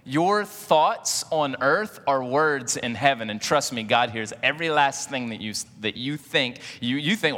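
A man preaches in a church with a bright, forceful tone, joking easily and putting questions to the congregation. His words ring out with a long hall reverb behind them. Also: mid-range voice, expressive, a little slow, few pauses. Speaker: pastor. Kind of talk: sermon.

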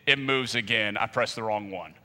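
A man telling a comic personal story in a sermon, animated and acting out quotes with loud bursts, in a large church auditorium. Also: on the low side, moderate pace, long reverb tail.

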